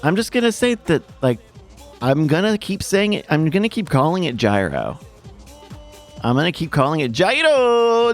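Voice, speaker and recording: A man with a slightly high, sing-song voice hosts a marble race livestream from home, lit by a ring light, speaking at a moderate pace. Between race calls he slips into playful, rambling stories that poke fun at himself and often restart. Faint music sits behind him.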